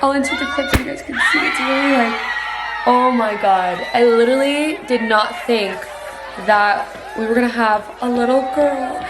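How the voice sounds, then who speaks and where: A woman's voice: medium pitch, fairly even intonation, moderate pace, a loud crowd, heavy background noise. A woman in her twenties chatting casually to her camera at home, bubbly and full of fillers. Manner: chatty, bubbly, heavy use of "like". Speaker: vlogger. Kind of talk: casual vlog chat. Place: at home, indoors.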